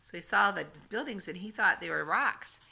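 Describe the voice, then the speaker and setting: An older woman, a grandmother, reading a picture book aloud to a child in an animated way, stopping to ask questions. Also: medium pitch, moderate pace, gravelly, breathy edge.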